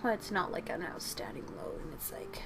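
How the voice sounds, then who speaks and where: A woman's voice: on the low side, expressive, moderate pace, creaky. Tired, rambling young woman drawing. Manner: rambling, jokey and self-deprecating. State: tired after work. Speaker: channel host. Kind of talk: casual chat while drawing. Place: at home. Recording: music playing behind.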